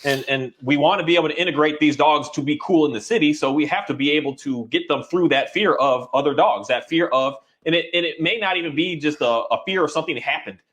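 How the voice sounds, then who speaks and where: A man's voice: on the high side, fast talker, few pauses, a bit bright. A man who trains dogs, talking casually and rambling, with many restarts and little voices acted out for dogs. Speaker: dog trainer. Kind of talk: casual conversation.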